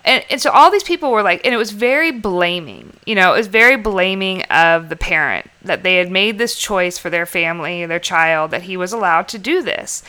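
A woman talking casually on a podcast, rambling and emphatic, breaking into laughter often. Her voice is bright and clear, with a crisp edge. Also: lowish voice, animated, moderate pace, hardly any pauses. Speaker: podcast co-host. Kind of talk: casual conversation.

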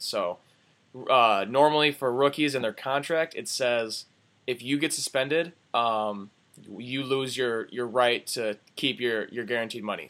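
A young man from Wisconsin co-hosting a podcast, talking sports in an excitable, profane, casual way. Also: mid-range voice. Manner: excitable and profane, swings from mumbling to yelling. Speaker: podcast co-host.

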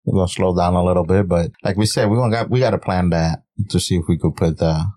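A man's voice: deep voice, fast talker, warm tone. A man co-hosting a casual podcast, laid-back and profane, laughing easily. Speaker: podcast co-host. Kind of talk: casual chat.

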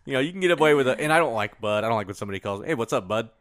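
A man's voice: mid-range voice, lively intonation, rapid-fire, a bit bright, clean tone, no room sound, studio quality. A man co-hosting a podcast, chatting casually in a joking, rambling way and laughing often. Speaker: podcast co-host. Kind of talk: casual chat.

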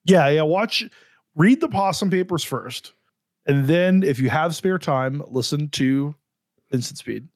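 A male podcast guest whose voice sits a little higher than usual. He jokes in a wry, deadpan way, and the sound is close and dry with no room around it. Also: a little slow, dry recording. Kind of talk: casual podcast chat.

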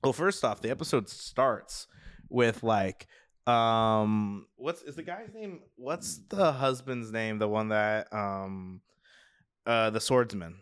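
A man co-hosting a podcast in casual chat, animated and playful, acting out quotes in funny voices and laughing often. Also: fairly low pitch, takes it slowly, clear, resonant tone, dry recording, clean studio sound. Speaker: podcast co-host.

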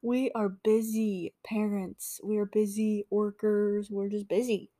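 A young woman co-hosting a casual podcast, laid-back and apologetic, often trailing off softly. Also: mid-range voice, flat delivery, takes it slowly, no echo. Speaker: podcast co-host. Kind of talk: casual chat.

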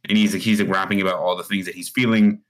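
A man's voice: low voice, steady tone. A man co-hosting a casual music podcast, rambling through his take with many fillers and restarts. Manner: rapid, rambling, lots of "like" and restarts. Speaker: podcast co-host. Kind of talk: casual music review chat.

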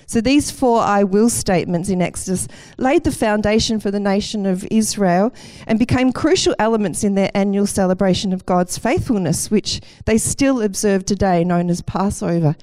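A woman's voice: mid-range voice, normal speed, few pauses, darkish tone. Enthusiastic woman preaching a sermon. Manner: enthusiastic, lightly self-deprecating.

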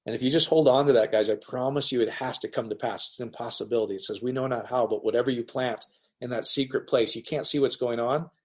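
In a casual online Bible teaching, a pastor speaks at a quick pace with a mid-range, breathy-edged voice. He keeps things loose and animated, voicing the quoted speakers as he reads aloud.

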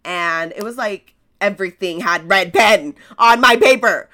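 Unhurried and mid-range, the voice of this podcast host is bright and forceful. A native Spanish speaker with an American accent, she shares stories in a casual motivational monologue, tossing out rhetorical questions and laughing at herself.

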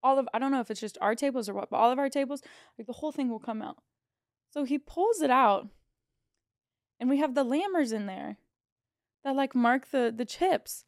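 A woman casino dealer and podcast co-host telling a story in casual chat, animated, full of "like" and the odd swear word. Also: sits high, normal speed, long pauses, no echo, clean studio sound. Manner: animated, heavy use of "like", swearing.

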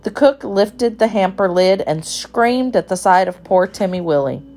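Calm woman reading a children's story. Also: medium pitch, measured pace.

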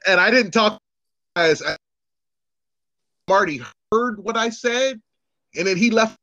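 A man's voice: high-pitched, takes it slowly, no room sound, muffled recording. A middle-aged man hosting a podcast, telling stories in a casual chat, acting out the voices of the people in them and swearing freely. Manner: animated, acts out quoted voices, swears freely. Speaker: podcast host.

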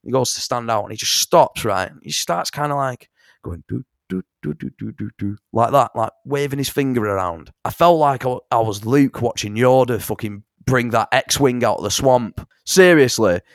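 A young man, telling stories in a casual interview about songwriting, animated and sweary. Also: medium pitch, normal speed, no echo, studio quality. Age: young adult. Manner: animated storyteller, swears, fond of impressions. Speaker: songwriter and musician.

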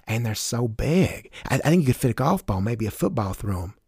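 A man's voice: medium pitch, very animated, a little fast, darkish tone, husky, no echo, clean studio sound. Man putting on a southern-drawled young cashier. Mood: gossipy. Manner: overly cheery, then curt. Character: cheery young female cashier turning snippy.

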